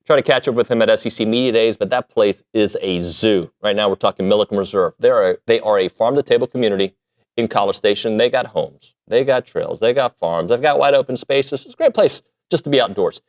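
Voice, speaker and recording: A man hosting a sports talk show, talking casually in an animated, joking way that pokes fun at himself. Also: fairly low pitch, a little fast. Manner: animated, self-deprecating, jokey. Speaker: sports radio host.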